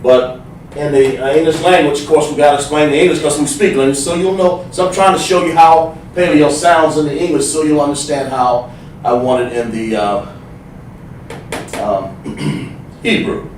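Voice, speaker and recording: A man's voice: on the high side, recorded from a distance. Echoey man teaching a class. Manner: explains slowly, repeats himself, sounds out letters. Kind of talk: livestreamed class. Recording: echoey room, voice from off the mic, faint noise.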